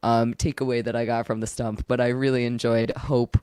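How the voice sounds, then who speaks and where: A woman chatting casually on a podcast, telling an animated story and swearing freely. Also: extremely low pitch, brisk, smooth, dry recording, studio quality. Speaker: podcast guest. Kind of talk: casual chat.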